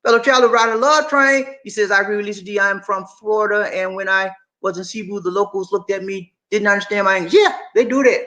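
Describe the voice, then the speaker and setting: A middle-aged man reads viewer comments on a casual live stream, answering them as he goes in a high, bright voice with fairly even intonation. He talks fast with few pauses, emphatic and repetitive, calling his audience "man" and "y'all."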